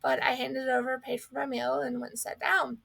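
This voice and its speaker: A woman's voice: high-pitched, flat delivery, fairly quick, vocal fry, a bit bright. A young woman from North Carolina sharing a personal faith testimony, telling her story earnestly and acting out what she thought.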